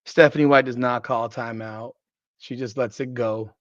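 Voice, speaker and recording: A man's voice: medium pitch, fairly even intonation, moderate pace, fairly bright tone, no room sound. A man hosting a podcast, giving blunt, profane, exasperated post-game basketball commentary. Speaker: podcast host. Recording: dry, slightly dull lo-fi sound.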